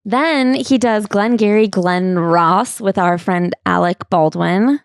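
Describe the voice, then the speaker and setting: A woman's voice: mid-range voice, slow, no echo, studio quality. A woman co-hosting a book club podcast, chatting and joking while recapping a memoir. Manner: chatty, jokes about the topic. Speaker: podcast co-host. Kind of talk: casual book club chat.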